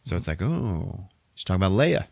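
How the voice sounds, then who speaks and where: A man casually recapping a movie on a podcast, swearing constantly and acting out the characters in quick voices. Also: deep voice, sing-song, gravelly, darkish tone, husky, no room sound.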